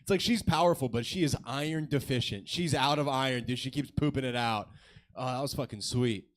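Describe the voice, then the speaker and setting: A man's voice: mid-range voice, fairly quick, a little hiss or hum. A man in his twenties doing a crude, self-mocking stand-up set on a comedy club stage. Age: 20s.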